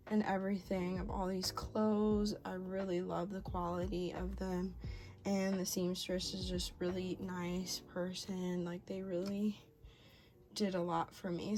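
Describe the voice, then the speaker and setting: A woman's voice: mid-range voice, warm tone. A young woman chatting casually in an unboxing vlog, gushing and gasping, full of fillers, sometimes dropping to a whisper. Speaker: vlogger.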